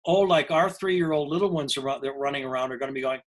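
An older man in a conversational interview speaks as a language coach recounting a personal experience. His voice sits a little higher than most men's. He talks earnestly, stopping and restarting phrases as his thoughts catch up. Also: fast talker, hardly any pauses, poor audio. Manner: earnest, self-interrupting storyteller.

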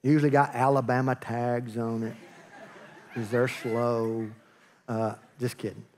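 A man's voice: medium pitch, little pitch movement, unhurried, darkish tone. A man preaching a sermon as pastor, telling a story with acted-out dialogue and joking asides.

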